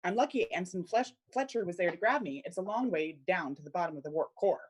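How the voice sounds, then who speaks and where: A woman takes on a steady, practical male ship's engineer in an amateur audio drama reading. The voice sits low for her and stays matter-of-fact. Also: fast, slightly rough.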